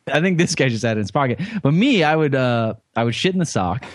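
Man, podcast co-host, profane, rambling, mid pitch, dry. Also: animated, brisk, dry recording. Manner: crude, profane storytelling. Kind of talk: casual comedy podcast chat.

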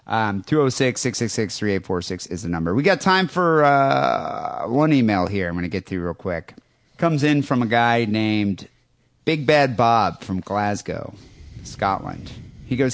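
A man co-hosting a crude comedy podcast, joking loudly and reading a listener's email aloud with lively asides. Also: lowish voice, measured pace, no room sound. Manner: loud, animated, jokey storytelling. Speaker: podcast co-host.

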